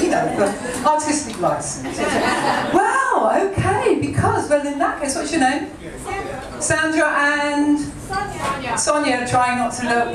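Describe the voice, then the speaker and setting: A woman's voice: sits high, distant mic, pitched above the performer's own voice. A woman performing as a swaggering male crooner drag king persona, teasing a live audience in camp cabaret banter. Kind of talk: live cabaret crowd work and singing. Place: club stage, live audience. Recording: echoey club, recorded from afar with loud music.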